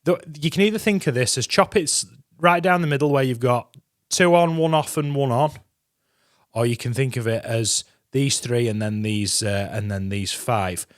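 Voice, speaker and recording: Chatty guitar teacher, dry sound. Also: male voice, mid-range voice, normal speed, no echo. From England. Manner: chatty, encouraging, counts beats aloud. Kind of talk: guitar lesson walkthrough. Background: guitar playing.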